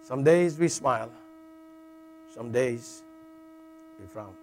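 A man's voice: medium pitch, expressive, slow, darkish tone, slight background noise. A middle-aged man preaching a sermon in a jokey, conversational way, often checking in with "all right" and restarting phrases.

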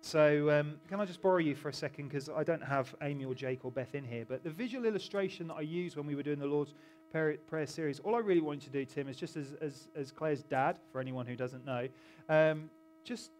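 Faint music plays behind a middle-aged male pastor as he gives an informal, chatty sermon in a church hall, joking with the congregation and interrupting himself. His voice is fairly high and a little fast.

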